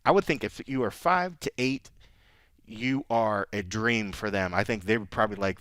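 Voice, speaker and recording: A man's voice: fairly low pitch, normal speed, a bit bright, clean tone, no room sound. A man co-hosting a podcast, talking casually in rambling sentences and laughing often. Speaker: podcast co-host. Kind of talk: casual chat.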